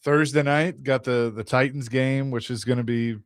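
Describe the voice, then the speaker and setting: A man co-hosting a sports radio show in an easygoing way, his voice a bit sore from shouting. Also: medium pitch, steady tone, moderate pace, smooth, no echo, clean studio sound. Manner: easygoing, chuckles often. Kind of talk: casual sports radio banter.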